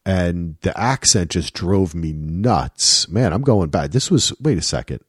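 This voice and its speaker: A man hosting a podcast in casual chat, excitable and swearing freely. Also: sits low, a little slow, breathy edge, no echo, clean studio sound. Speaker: podcast host.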